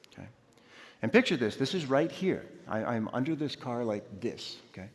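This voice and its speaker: Guy preaching a story in a big echoey chapel, gets loud and animated. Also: a little high. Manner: animated storytelling, acts out his own shouts. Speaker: chapel speaker. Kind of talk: storytelling sermon. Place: large university chapel. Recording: long hall reverb.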